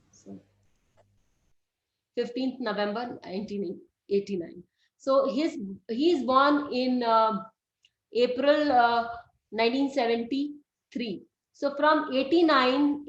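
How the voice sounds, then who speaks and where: A middle-aged woman teaches a class in a fairly high voice. She walks through each point step by step and keeps putting questions to her students. The sound is roomy and a little dull. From India. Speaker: astrology teacher. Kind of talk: classroom lecture. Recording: roomy, slightly dull recording.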